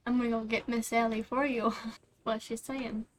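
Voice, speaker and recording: A woman's voice: on the high side, level tone, normal speed. Emotional woman reacting to a movie. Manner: emotional, exclaiming. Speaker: reaction video host.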